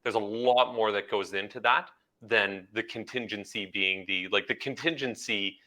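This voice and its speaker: Bright-voiced curious male host. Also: fairly low pitch, steady tone, normal speed. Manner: curious, asks follow-up questions. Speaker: interview host. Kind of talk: casual interview.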